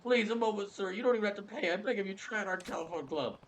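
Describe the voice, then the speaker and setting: A man voicing a male telephone club clerk who flatters and pleads eagerly. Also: sits high, racing, pitched above the performer's own voice, lightly acted.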